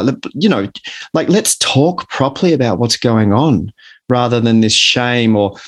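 An Australian author, guesting on a podcast interview, speaks earnestly in a mid-range voice at a slightly slow pace. He becomes animated whenever he acts out his examples.

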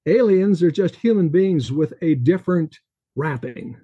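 A man's voice: a little high, expressive, unhurried, muffled recording. A man, an author, reading from his novel and then talking in an interview over a video call.

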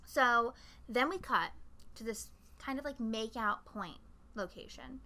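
A young woman co-hosts a podcast, rambling casually as she recaps a film, swearing and acting out quotes in an animated way. Her voice sits fairly high and she speaks unhurriedly.

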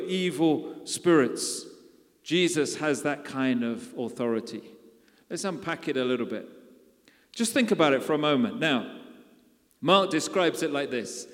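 A man preaching a sermon in a conversational way, often putting questions to his congregation. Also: fairly high pitch. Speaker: pastor. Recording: long hall reverb.

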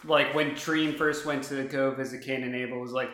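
A man's voice: mid-range voice, fairly even intonation, moderate pace, hardly any pauses, a bit bright. Laid-back man, echoey room. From United States. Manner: laid-back, explains plot with filler words. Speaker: podcast co-host. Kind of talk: casual chat about a comic. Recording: roomy echo.

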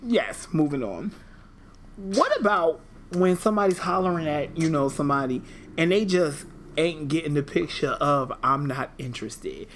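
Lively, laughing man on a podcast. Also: a little high, moderate pace, slight background noise. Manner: animated, profane, laughs often. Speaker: podcast co-host. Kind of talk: casual chat.

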